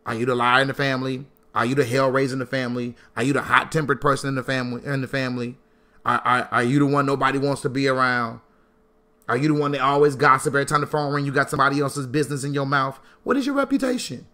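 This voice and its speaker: A man giving a sermon-style talk on money, preacherly and animated, repeating lines for emphasis and swinging from low asides to loud bursts. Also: fast. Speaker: Christian financial teacher.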